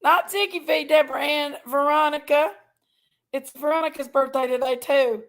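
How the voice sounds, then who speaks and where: A woman's voice: high voice, fairly even intonation, normal speed. A woman hosting a casual livestream, affectionately greeting viewers one by one by name and sometimes sounding tearful. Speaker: livestream host.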